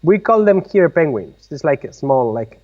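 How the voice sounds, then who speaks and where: Man explaining tech, higher voice, muffled. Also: very animated, moderate pace. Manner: explains technical detail patiently. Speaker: co-host. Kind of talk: casual live-stream chat. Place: workshop. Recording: slightly muffled audio.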